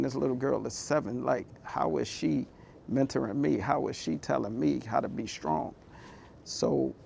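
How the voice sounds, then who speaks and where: A man's voice: medium pitch, creaky, darkish tone, a little hiss or hum. A man giving a motivational talk, telling his personal story in a candid, conversational, heartfelt way. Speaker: motivational speaker.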